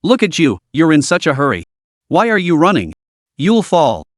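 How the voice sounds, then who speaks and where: A man's voice: on the high side, huge pitch swings, moderate pace, no echo, studio quality. Man reading a bossy, teasing young woman.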